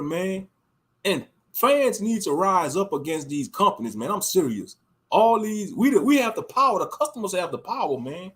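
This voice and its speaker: Brief: male streamer, heated and slangy, high-pitched with a lively, swooping delivery. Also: normal speed. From Louisiana, USA. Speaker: livestream host. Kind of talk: casual ranting commentary.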